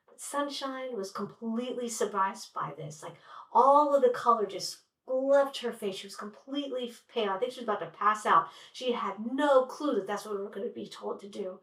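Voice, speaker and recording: A woman's voice: a little high, moderate pace, a bit bright. Wry woman telling a story, roomy. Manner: wry, conversational, with lots of "like". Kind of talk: personal storytelling. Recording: roomy sound from a distant mic.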